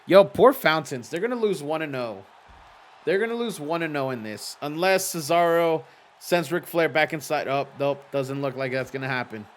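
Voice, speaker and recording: Reading viewer messages aloud from his home green-screen setup, a man who streams a simulated wrestling league chats casually, swearing and laughing easily. He's an adult with young children, and his slightly high voice has lively intonation at a somewhat slow pace.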